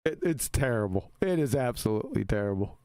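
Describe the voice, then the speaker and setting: A man's voice: fairly low pitch, big pitch swings, a little fast, dark tone, clean tone, dry recording. A man hosting a casual live stream, talking in an emphatic, argumentative way and laughing easily.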